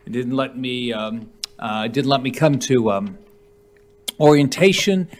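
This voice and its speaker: A man, a senator at a hearing, recounting an experience in a halting way, with many fillers. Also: medium pitch. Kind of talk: unscripted testimony.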